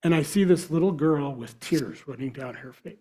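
A man telling a personal devotional story in a casual, halting way with frequent fillers. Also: on the high side, warm tone.

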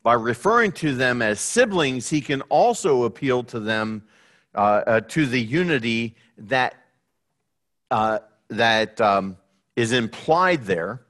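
A man preaching a sermon, speaking in a halting way with many fillers and restarts. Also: mid-range voice, fairly bright tone. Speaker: pastor.

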